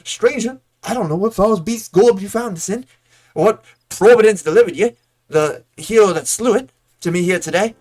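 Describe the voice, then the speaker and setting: A man voicing a gruff, grumbling male stable hand who talks in rough folksy dialect. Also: sits high, moderate pace, a little mellow, pitched above the performer's own voice. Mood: grateful.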